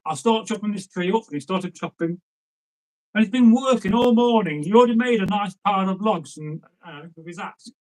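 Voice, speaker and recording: A man tells an old folk tale in a loose, conversational way. He wanders off into asides and then picks the thread back up, and his voice sits fairly high for a man. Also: low-quality recording. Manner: chatty, digressive, with asides to the listener. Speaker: storyteller. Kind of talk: casual folk-tale storytelling.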